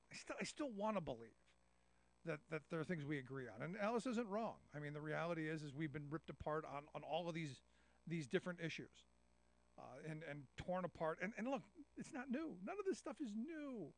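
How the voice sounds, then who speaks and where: A man's voice: a little high, big pitch swings, brisk. A man hosting a talk radio show, chatting casually with a loose, rambling, sarcastic delivery.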